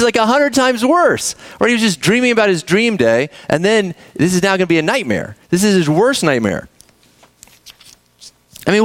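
A man preaching a sermon, telling the story with animated energy, acting out characters and speaking to the kids in the room. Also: high-pitched, dry recording. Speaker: pastor.

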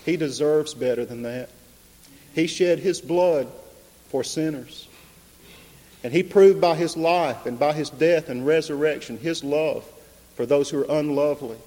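A man preaching an impassioned sermon, building to loud emphatic peaks. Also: on the high side, a little slow. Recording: long reverb of a large hall.

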